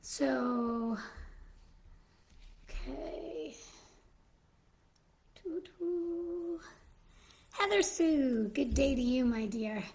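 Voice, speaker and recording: A woman hosting a casual live stream, short of breath and slowed by illness, talking haltingly with many pauses and fillers into a phone. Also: sits high, animated, darkish tone, low-quality recording. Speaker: live stream host in a Mrs. Claus persona.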